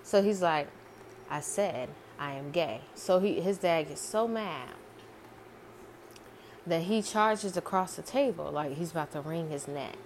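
A woman's voice: lowish voice, a little slow, a little mellow, a little hiss or hum. A woman casually retelling a movie script she dreamed up, rambling and repeating herself with many fillers. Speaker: amateur screenwriter.

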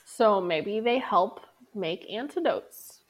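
A woman's voice: medium pitch, expressive, slow, highs cut off. A woman co-hosting a podcast in a casual book discussion, quoting passages and chiming in with her own comments. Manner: chatty, quotes the book and cuts in with comments. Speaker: podcast co-host.

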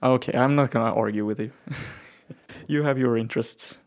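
A man's voice: mid-range voice, normal speed, no echo, studio quality. A man co-hosting a casual chat podcast, teasing his partner and laughing often. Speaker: podcast co-host.

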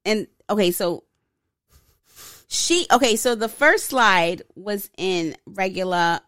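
A woman co-hosting a casual podcast, a little tipsy, telling a story in an animated way. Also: mid-range voice, slow pace, no room sound, clean studio sound. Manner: animated storytelling, reads out posts with emphasis. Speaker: podcast co-host. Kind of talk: casual chat.

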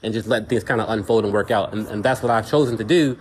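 A man's voice: lowish voice, fast, slight background noise. A man hosting a casual solo podcast, rambling and repeating words as he talks things through. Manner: rambling, repeats words, says "you know what I'm saying". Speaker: podcast host.

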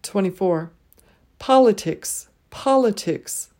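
A woman leading a pronunciation drill, saying each word twice and pausing so listeners can repeat. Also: medium pitch, expressive, darkish tone. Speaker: pronunciation teacher.

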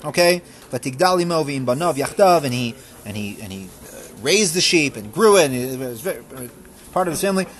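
A man teaching a Torah lesson, reading verses aloud and explaining them with fervent emphasis that falls back to quiet reflection. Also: on the high side, expressive, fairly quick. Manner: reads verses aloud, then translates and explains. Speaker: rabbi teaching a class.

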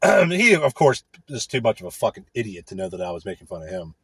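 A man in a casual, profane rant, crude, rambling and sarcastic, with a husky voice. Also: on the low side, big pitch swings, fast talker, a bit bright, no room sound.

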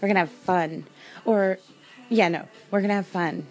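A woman's voice: medium pitch, moderate pace, poor audio. A woman hosting a casual chat stream, sarcastic and rambling, laughing often. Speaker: livestream host.

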